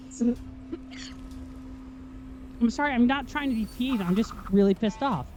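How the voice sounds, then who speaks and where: A gameplay commentator whose voice is going hoarse, talking through a tricky puzzle and getting more frustrated, swearing and complaining at the game. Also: medium pitch, slow, darkish tone, a little hiss or hum. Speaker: video game let's-play host.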